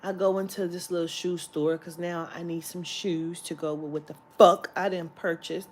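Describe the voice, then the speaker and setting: A woman vlogger telling a story in an animated, profane, exasperated way, filmed on a phone in a shopping area. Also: fairly low pitch, normal speed, slight background noise. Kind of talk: storytime vlog.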